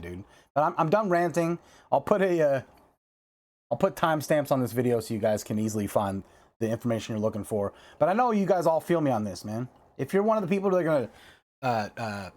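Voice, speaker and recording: A man hosting a card-game video, talking casually and ranting heatedly, with lots of fillers and repeated phrases. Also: on the high side.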